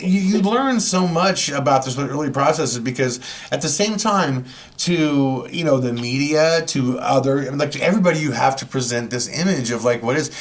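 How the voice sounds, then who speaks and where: A man on a podcast as the guest, telling stories in a loose, animated way, full of slang and swearing. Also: mid-range voice, normal speed. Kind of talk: casual storytelling.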